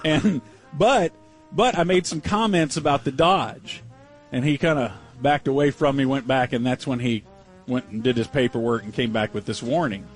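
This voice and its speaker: A male sports radio host telling a story on air in a chatty, self-deprecating way. He speaks at a mid pitch, with faint music behind him. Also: normal speed, low-quality recording. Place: radio studio.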